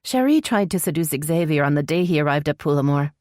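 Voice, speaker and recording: Woman playing a young elf princess, insistent, pleading, higher than the narration, dry close audiobook. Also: expressive, fast talker, darkish tone, dry recording.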